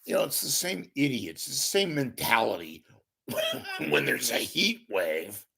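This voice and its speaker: A hoarse man delivering a sarcastic ranting monologue as a commentator. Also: mid-range voice, huge pitch swings, a little slow, bright, forceful tone.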